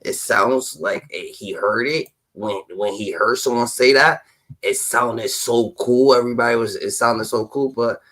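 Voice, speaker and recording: A man hosting a stream, reacting to clips in an animated rant and ending lines with a repeated filler word. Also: medium pitch, measured pace, rough recording. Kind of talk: casual ranting commentary.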